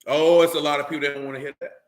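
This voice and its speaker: A man preaching a fiery, blunt sermon, scolding his listeners with rhetorical questions and rising to shouts. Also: fairly high pitch, little pitch movement, very fast, roomy sound. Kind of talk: fiery street-style sermon.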